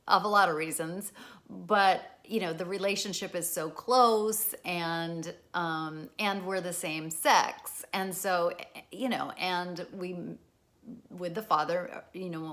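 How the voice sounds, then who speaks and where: Bright-voiced, candid middle-aged woman. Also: fairly low pitch. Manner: candid, swears freely, acts out quoted people. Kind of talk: casual spoken talk.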